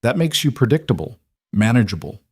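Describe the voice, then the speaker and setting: A man's voice: medium pitch, big pitch swings, fairly quick, slightly rough, no echo, studio quality. A man voicing a cold, blunt mafia boss husband who speaks in curt, matter-of-fact commands in an audiobook reading. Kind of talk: audiobook narration.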